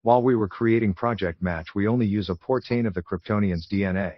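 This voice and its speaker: A man's voice: quick pace, no room sound, lightly acted. A man voicing a commanding immortal villain leader. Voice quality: deep. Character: cold male villain mastermind, immortal leader. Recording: dull lo-fi recording.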